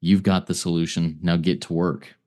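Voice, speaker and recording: A man's voice: deep voice, little pitch movement, moderate pace, a little mellow. A man co-hosting a recovery podcast, speaking thoughtfully and hesitantly. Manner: hesitant, thoughtful, many fillers and restarts. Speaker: podcast co-host.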